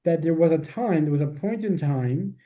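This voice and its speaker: A man's voice: fairly high pitch, lively intonation, moderate pace, highs cut off. A man teaching a class, patiently explaining ideas and answering questions step by step.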